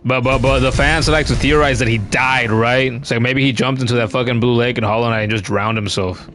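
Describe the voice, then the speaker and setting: A man's voice: medium pitch, steady tone, brisk, fairly bright tone, a little hiss or hum. A man giving casual, chatty commentary while streaming a game, cursing now and then and reading chat comments aloud.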